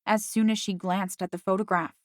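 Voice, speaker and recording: A woman's voice: medium pitch, steady tone, a little fast, no echo. Woman narrating an audiobook, dry sound. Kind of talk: first-person scripted narration.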